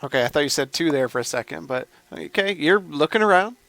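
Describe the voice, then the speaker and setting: Dude running a tabletop game, kinda high voice, dry close mic, laid back. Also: male voice, lively intonation, a little fast, vocal fry, fairly bright tone, dry recording. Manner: easygoing, stumbles over words while setting up the map. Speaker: game master.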